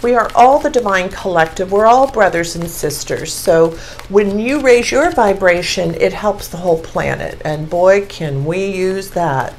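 Lady in her 60s doing a tarot reading, gets all excited over the cards, gushy, middle pitch. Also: unhurried, a little hiss or hum, rough recording. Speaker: tarot reader. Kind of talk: casual tarot reading to camera.

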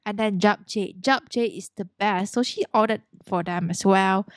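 A young woman hosting a let's play, narrating a life-sim game in a bubbly, excitable way. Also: mid-range voice, moderate pace, dry recording, clean studio sound. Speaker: gaming channel host.

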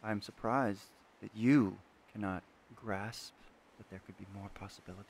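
A man playing a grieving, obsessive woman artisan, pleading at times and loudly demanding at others. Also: fairly low pitch, steady tone, moderate pace, slight background noise, close to an everyday voice. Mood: defiant. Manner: pleading, then loud and demanding.

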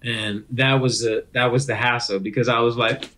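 A middle-aged man, a comedian guest telling animated stories in a casual interview. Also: medium pitch, moderate pace. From Detroit, USA. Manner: animated storyteller who acts out other people's voices.

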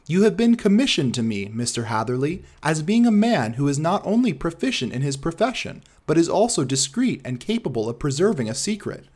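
A man's voice: a little high, very animated, a little fast, hardly any pauses, darkish tone. A man voicing a secretive German colonel. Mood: insistent. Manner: insistent, secretive. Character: wary, secretive male colonel, about forty. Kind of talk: audiobook character reading.

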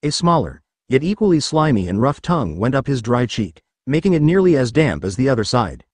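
Brief: male fan-fiction reader, expressive storyteller, mid pitch, dry recording. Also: brisk, no echo. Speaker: narrator. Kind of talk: reading fan fiction aloud.

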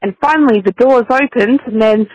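An Australian woman calls in and tells her story with lively energy, her voice a touch high. The sound is thin and tinny, as if it came down a phone line. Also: brisk, slight background noise. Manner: animated storytelling, high voice for child quotes. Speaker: caller.

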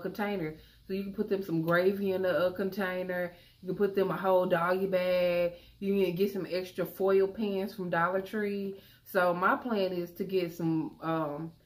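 A young woman chatting casually to viewers about her grocery haul, calling them y'all. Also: mid-range voice. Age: young adult. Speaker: vlogger.

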